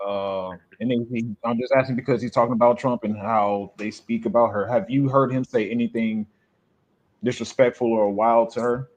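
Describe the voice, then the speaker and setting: A man hosting a podcast, chatting casually and haltingly about a clip. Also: medium pitch, steady tone, dull audio. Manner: halting, repeats himself. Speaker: podcast host. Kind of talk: casual chat reacting to a clip.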